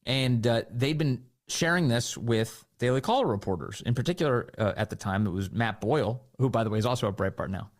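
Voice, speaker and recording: Lively male talk radio host. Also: medium pitch, brisk, few pauses. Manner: animated, indignant retelling with mocking quotes.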